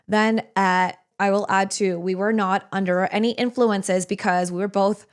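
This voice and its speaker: A young woman telling a personal story in casual podcast chat, animated and full of "like" fillers. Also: mid-range voice, normal speed, clean tone. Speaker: guest storyteller.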